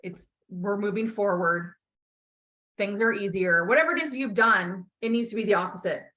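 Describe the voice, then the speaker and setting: Woman, life coach, bright forceful voice, blunt, swears a lot, encouraging. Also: medium pitch, moderate pace. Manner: blunt, emphatic, swears often; encouraging, repeats key phrases. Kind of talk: coaching call.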